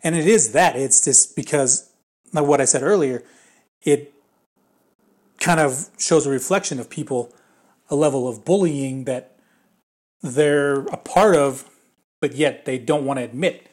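A young man talks in a loose, casual way, stopping often to restart his sentences and filling gaps with likes and ums. His voice sits at an everyday middle pitch. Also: a little slow, long pauses, a little mellow. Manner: rambling, many fillers and restarts. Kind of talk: casual spoken movie opinion.

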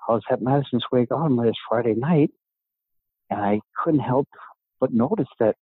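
A man's voice: medium pitch, moderate pace, long pauses, breathy edge, dry recording. A middle-aged man from New York telling a long story in a podcast interview, acting out the voices of the people in it. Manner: animated storyteller, acts out quoted dialogue. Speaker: guest, author and gym owner. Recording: tinny phone-like sound.

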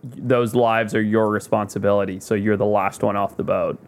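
A man's voice: on the low side, normal speed. A man co-hosting a podcast in casual chat, talking with emphasis and swearing now and then. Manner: animated, swears, talks with emphasis. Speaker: podcast co-host.

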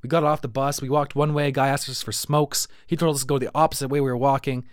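A young Canadian man co-hosting a podcast, chiming in with quick profane remarks. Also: medium pitch, flat delivery, clean tone, no room sound, clean studio sound. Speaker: podcast co-host. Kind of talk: casual chat.

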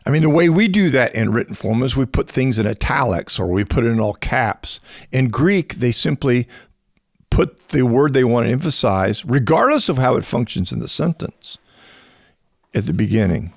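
Gravelly man explaining scripture history. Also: moderate pace, no room sound, studio quality. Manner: animated, rising pitch when stressing points. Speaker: biblical scholar teaching on a podcast. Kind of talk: conversational teaching.

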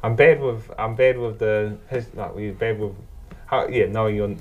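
A man hosting a relaxed conversation, asking questions with many fillers and agreeing often. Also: lowish voice, normal speed, narrow, tinny audio. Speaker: host. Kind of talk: casual chat.

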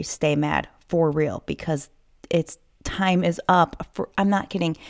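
Heated lady podcaster, kinda low voice, cussing a lot and going off on tangents. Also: darkish tone. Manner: fired up, swearing, rambling asides. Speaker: podcast host. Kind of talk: casual solo podcast monologue. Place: inside a child's play tent at home.

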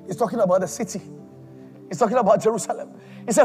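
A man preaching a sermon with impassioned, repetitive phrasing that swings between loud cries and near-whispers. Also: extremely high pitch, fast, soft background music.

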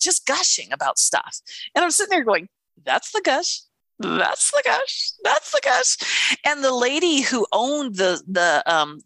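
A middle-aged woman tells a story in a casual chat, and her pitch swings widely as she goes. Her voice is bright, and she keeps slipping into other people's voices between bursts of laughter. The sound is close and dry. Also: dry recording. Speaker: author.

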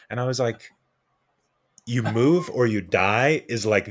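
Low-voiced man telling a story. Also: a little slow. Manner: animated anecdote-telling with quoted voices and restarts. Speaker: podcast co-host. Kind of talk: casual storytelling.

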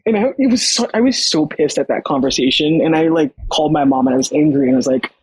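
Very husky young adult guest. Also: medium pitch, fast, no room sound, rough recording. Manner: animated, many fillers like "like". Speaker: podcast guest. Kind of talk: casual storytelling.

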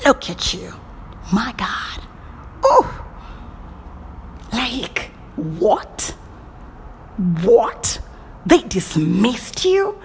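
A woman giving a dramatic motivational monologue, swinging between whispers and loud bursts and often laughing at herself. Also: mid-range voice, a little hiss or hum. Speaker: motivational speaker.

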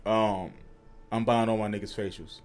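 A New York man co-hosts a podcast, telling stories in casual chat while swearing freely and laughing through them. His voice is on the low side and steady, at a normal speed, with a crowd audible in the background.

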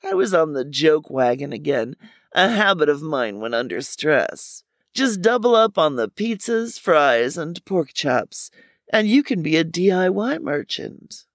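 Man, wry deadpan crime-story narrator, lively pitch, dry close-mic sound. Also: unhurried, no echo.

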